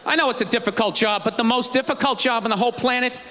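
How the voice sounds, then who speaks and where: A man performing a stand-up comedy routine, ranting sarcastically and shouting his punchlines. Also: extremely high pitch, fast, a faint crowd. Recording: live stage recording with audience and noise.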